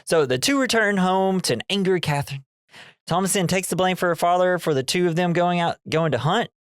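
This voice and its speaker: A man's voice: high voice, a little fast, smooth, no echo, clean studio sound. A man hosting a casual movie podcast, recapping scenes with jokes and laughter and dropping into silly voices. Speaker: podcast host.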